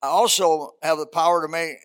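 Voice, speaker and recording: An older man with a high-pitched voice preaching to his congregation. He reads scripture slowly, then slips into folksy stories. His speech stays plain and conversational between the readings. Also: steady tone. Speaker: pastor. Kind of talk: sermon.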